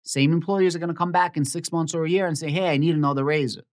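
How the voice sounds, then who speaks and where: A man's voice: on the high side, fairly even intonation, fast. Opinionated man explaining stock moves. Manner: explanatory and opinionated, keeps repeating his own predictions. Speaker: stock market YouTuber. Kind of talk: casual finance commentary to camera.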